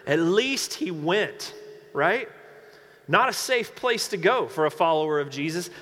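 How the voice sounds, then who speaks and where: Animated high-voiced pastor in reverberant hall. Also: male voice, a little slow. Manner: animated, emphatic, jokey asides to congregation. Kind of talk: sermon.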